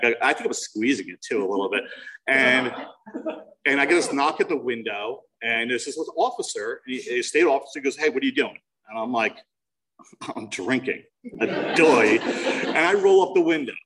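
A man in his forties from New Jersey tells his own recovery story at a meeting. His voice sits at an ordinary pitch, and his delivery is frank and self-mocking with dry jokes. The mic picks him up from across a meeting room. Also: animated, moderate pace, a bit bright, recorded from a distance, a little hiss or hum, rough recording. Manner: candid and self-mocking, with wry humor.

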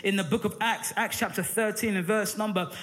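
High, bright-voiced male preacher. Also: fairly even intonation, brisk. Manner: fervent preaching, calls for amen; frequent "uh" fillers between phrases. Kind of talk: sermon. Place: church.

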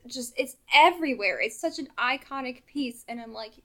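High-voiced, effusive woman podcast host. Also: expressive, moderate pace, pushed and bright. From Wisconsin. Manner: emotional and effusive. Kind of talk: casual chat.

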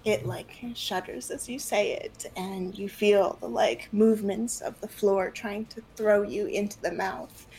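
A woman's voice: mid-range voice, fairly even intonation, measured pace, creaky, hardly any pauses, a little mellow, poor audio. A woman running a tabletop game as game master, narrating in a casual way with many fillers.

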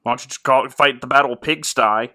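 A man's voice: mid-range voice, fast, bright, forceful tone. A man hosting a casual comedy podcast, rambling sarcastically through a movie recap with fillers and sound effects. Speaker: podcast host.

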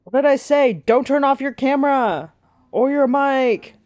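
Brief: woman, unhurried wry game commentary, swoopy lively pitch, dry close sound. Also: no room sound. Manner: wry and joking.

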